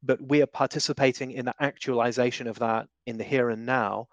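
A man's voice: medium pitch, fairly even intonation, a little fast, no room sound. A man guest giving conversational theological teaching, emphatic and full of vivid examples with shifting inflection.

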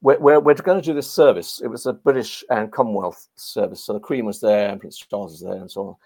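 Gravelly-voiced man, animated storyteller, former army clergyman, interview guest. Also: fairly low pitch, brisk. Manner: animated, anecdotal.

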